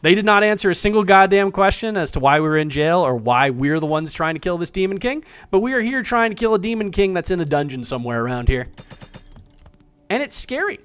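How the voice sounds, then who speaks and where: A man streaming himself playing an indie survival game, chatting casually with animated, profane, self-mocking commentary. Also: high-pitched, fast, hardly any pauses, clear, resonant tone.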